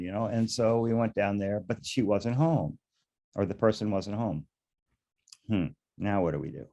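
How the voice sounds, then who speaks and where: A man's voice: on the low side, moderate pace, warm tone. An older man, a beekeeper and interview guest, telling stories casually in a rambling way, chuckling now and then and often restarting his sentences. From United States.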